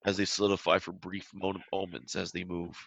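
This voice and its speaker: A man running a tabletop game, describing each scene in a loose, meandering way. His voice sits very low with a gravelly fry and a bright edge. The recording is dry and a little dull. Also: flat delivery, fairly quick, no room sound. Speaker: game master.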